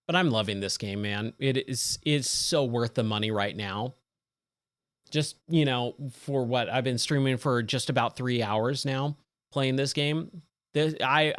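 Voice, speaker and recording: A man in his forties talks his way through a racing game on a live stream, rambling and restarting his sentences between thoughts. His voice sits at an ordinary middle pitch and sounds a little worn, recorded dry and close on a desk mic. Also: a bit bright, no room sound. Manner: rambling, chatty, with many fillers and restarts. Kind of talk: casual live-stream commentary.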